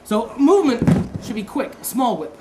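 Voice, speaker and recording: A woman with a slightly high voice teaches a martial arts seminar at a moderate pace, talking casually, quizzing the class, and correcting herself. The room has a roomy echo and steady background noise.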